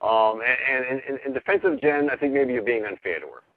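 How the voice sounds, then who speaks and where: A man calling in to a radio show, calm and hesitant, stammering and pausing as he makes his point. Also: medium pitch. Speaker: caller. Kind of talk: call-in radio chat. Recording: tinny phone line, dry.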